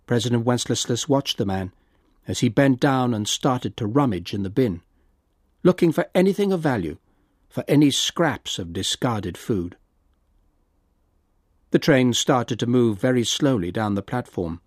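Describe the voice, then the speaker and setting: A man reading a story aloud in a measured storytelling manner, lightly voicing the characters. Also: mid-range voice, animated, no room sound, clean studio sound. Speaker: reader.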